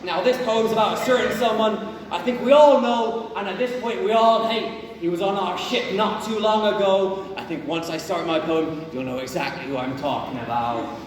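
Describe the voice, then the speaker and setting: A man's voice: high-pitched, moderate pace, background noise, natural voice. A man voicing a swaggering male pirate captain in a put-on pirate accent, reciting insulting verse theatrically. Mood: mocking. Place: comedy gig venue indoors. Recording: echoey hall from far off with audience.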